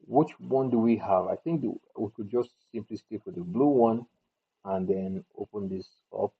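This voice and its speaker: A man's voice: lowish voice, normal speed, husky. A man casually walking through a video editing tutorial, thinking aloud as he goes and restarting his sentences. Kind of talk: casual screen-recorded tutorial. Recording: tinny phone-like audio.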